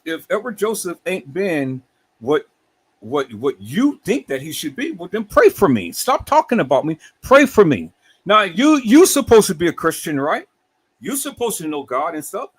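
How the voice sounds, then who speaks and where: A middle-aged man hosting a livestream, talking in an animated, preachy way with many repeated words. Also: medium pitch, husky. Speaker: livestream host.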